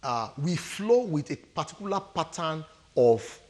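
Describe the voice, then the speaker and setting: On a studio talk show, a guest counsellor with a Nigerian English accent speaks a little slowly in a higher, sing-song voice with a darkish tone. He gives emphatic advice on relationships, acting out quotes and laughing frequently.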